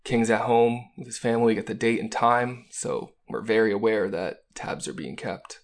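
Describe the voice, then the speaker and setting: A man's voice: fairly low pitch, moderate pace. A man co-hosting a podcast who talks through a film in a thoughtful, analytical way, with some fillers. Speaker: podcast co-host. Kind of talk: casual film discussion. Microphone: studio mics.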